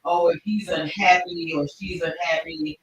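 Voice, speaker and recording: A woman hosting a casual livestream chat show, telling stories in an animated, expressive way. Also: fairly low pitch, a little slow, a little hiss or hum. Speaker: talk show host. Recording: echoey room, distant mic.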